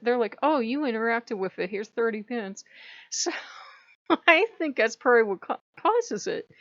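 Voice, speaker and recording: A woman who vlogs in an animated, frank way, swearing freely and laughing between her thoughts. Her voice sits at an ordinary middle pitch. The recording sounds dull and dry, with no room echo. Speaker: spiritual vlogger. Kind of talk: casual monologue to camera.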